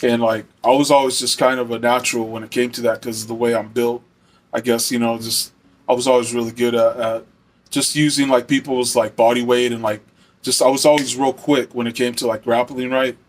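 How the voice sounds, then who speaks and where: A young man from Arizona tells a personal story in a loose, rambling way. He leans on fillers and curses freely. His voice sits at an ordinary pitch for a man. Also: flat delivery, brisk. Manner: rambling, filler-heavy, swears often. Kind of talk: casual storytelling.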